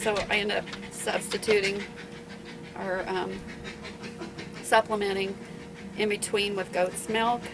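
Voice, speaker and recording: This is a middle-aged dog breeder's home video, captured as a low-quality recording of her medium-pitched voice. Chatty and rambling, she sounds a little out of breath and repeatedly restarts, leaning on fillers.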